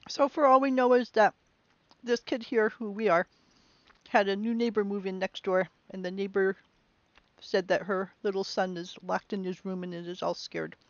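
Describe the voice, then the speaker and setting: A woman giving chatty, musing let's play commentary on a game, with bursts of excitement. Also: mid-range voice, normal speed, no room sound, highs cut off. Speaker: game streamer.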